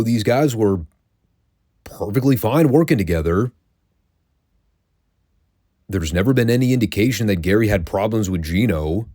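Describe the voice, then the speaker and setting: Low-voiced man recapping wrestling, dry sound. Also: darkish tone, dry recording. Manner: conversational, wry, swears casually. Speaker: podcast host reviewing classic wrestling. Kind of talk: casual recap commentary.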